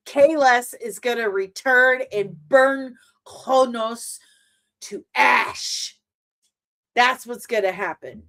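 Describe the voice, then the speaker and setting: A woman in her forties hosting a casual reaction to a trailer, animated and exclamatory with mock outrage. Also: on the high side, slow. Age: 40s.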